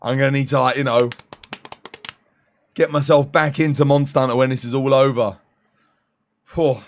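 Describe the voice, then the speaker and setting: Eighteen hours into his live stream, a worn-out man's mid-range voice is fading, its intonation fairly even. He keeps chatting casually with viewers, cracking jokes and slowly, wearily thanking people by name.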